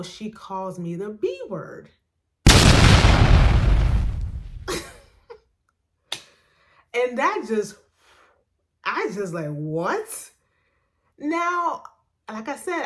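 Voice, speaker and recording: A woman tells a personal story as a podcast host, and her pitch rises and falls freely. She laughs often and acts out the dialogue as she goes. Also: a bit bright.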